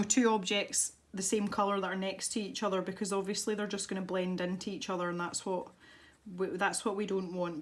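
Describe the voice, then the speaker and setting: A young Scottish woman talks casually to her audience as she draws at her desk. Her talk rambles, trips over restarts and breaks into little laughs. Her pitch sits right in the middle. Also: fairly bright tone. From Scotland. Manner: chatty, rambling, self-interrupting with laughs. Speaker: art YouTuber. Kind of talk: casual chat while colouring.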